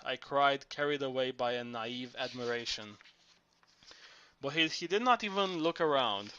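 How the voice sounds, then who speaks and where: A man reading novel narration aloud, steady with small restarts. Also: medium pitch, no room sound. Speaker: audiobook reader.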